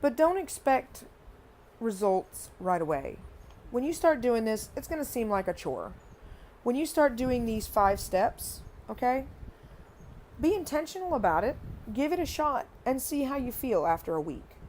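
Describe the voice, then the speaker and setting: A woman with a somewhat high voice gives earnest parenting advice to the camera. She is casual and emphatic, and she circles back to the same points again and again. A faint hiss sits under her voice. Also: sing-song, measured pace, a little mellow. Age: adult parent. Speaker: parenting vlogger.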